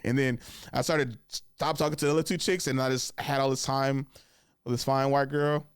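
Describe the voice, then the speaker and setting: A young man hosts a podcast and tells a rambling story, saying "I was like" over and over and acting out what other people said. He talks fast. The sound is dry and close to the mic. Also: mid-range voice, fairly even intonation, clear, resonant tone, dry recording. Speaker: podcast host. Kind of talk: casual storytelling.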